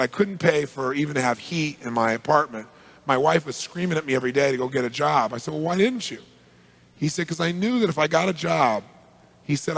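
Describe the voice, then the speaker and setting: Fast gravelly male motivational storyteller. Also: medium pitch, a bit bright. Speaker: motivational speaker. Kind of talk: storytelling talk to an audience.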